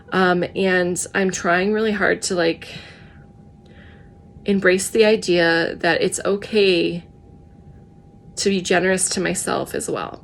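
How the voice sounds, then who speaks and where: A woman with a froggy, tired voice, talking softly and earnestly in a casual personal vlog. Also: lowish voice, vocal fry, slight background noise. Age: adult with children. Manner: soft, earnest, self-reflective. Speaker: vlogger.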